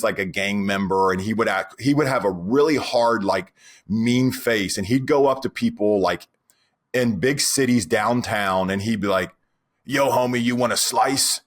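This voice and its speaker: A man in his forties co-hosting a podcast, chatting casually and launching into animated stories and rants. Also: lowish voice, unhurried. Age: 40s. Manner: animated storyteller, goes on rants. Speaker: podcast co-host.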